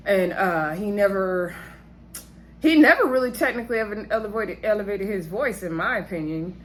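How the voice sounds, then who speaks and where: A woman's voice: mid-range voice, expressive, moderate pace. A woman giving a casual, chatty recap of a reality show episode, speaking straight to her viewers and laughing often.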